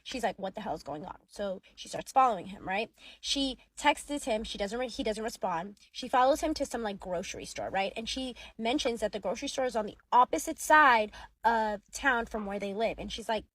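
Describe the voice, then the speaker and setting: A young woman casually recapping a story, chatty and animated, often acting out what people said. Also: a little high, normal speed, dry recording, rough recording. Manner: chatty, animated, acts out quotes. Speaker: social media commentator.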